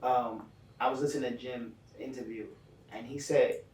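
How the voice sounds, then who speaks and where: A man's voice: mid-range voice, fairly even intonation, normal speed, darkish tone. A man who DJs, co-hosting a casual podcast chat, rambling through profane stories. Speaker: DJ and co-host. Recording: echoey room, distant mic.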